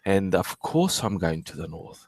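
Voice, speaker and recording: Fifties male host, excitable, stammers and restarts, mid pitch, dry close mic. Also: unhurried, dry recording. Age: 50s. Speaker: streamer. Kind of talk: casual chat.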